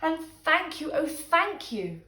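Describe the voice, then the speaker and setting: Shrill squeaky storybook witch, woman doing the voice, kind but flustered, echoey room. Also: big pitch swings, moderate pace, far from the mic. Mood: grateful. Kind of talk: storybook reading. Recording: echoey room, faint music.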